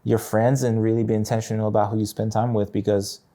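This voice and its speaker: Laid-back young man, mellow low voice. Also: flat delivery, fast talker. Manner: laid-back, many "like" and "bro" fillers. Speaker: guest musician. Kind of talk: casual chat.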